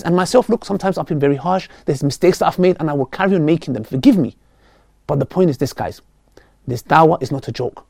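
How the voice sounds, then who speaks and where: A man, a Muslim preacher talking earnestly and passionately to his viewers, swinging between loud outbursts and quiet pleading. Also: fairly high pitch, no echo, studio quality. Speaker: Muslim preacher and video creator. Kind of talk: heartfelt direct-to-camera talk.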